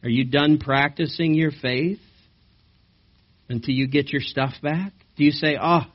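Pastor preaching a lively sermon. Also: male voice, a little high, a little slow. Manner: animated, asks the congregation questions. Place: church service. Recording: slightly dull recording.

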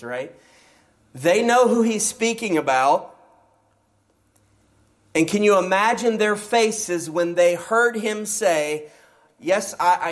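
A man teaching a Bible study sermon, acting out quoted voices and asking his listeners rhetorical questions. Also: fairly high pitch. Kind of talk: expository sermon.

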